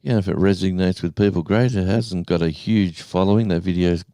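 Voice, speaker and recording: A man in his sixties, hosting a casual live stream, rambling and halting as he reads out the viewers' chat. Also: low voice, mellow, no room sound, studio quality. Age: 60s. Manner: rambling, halting, with many restarts and fillers.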